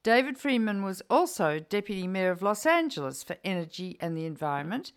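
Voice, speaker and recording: A woman's voice: medium pitch, big pitch swings, clean tone. Older woman hosting a radio interview. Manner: earnest, measured, re-enacts quotes. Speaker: radio show host.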